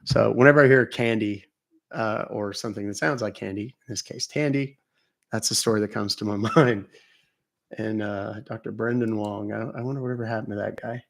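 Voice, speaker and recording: Brief: male stream host, very gravelly voice, casual and wisecracking. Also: fairly low pitch, fairly even intonation, brisk. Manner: joking storyteller, laughs at his own jokes. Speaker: livestream host calling scammers. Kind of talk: casual live-stream chat.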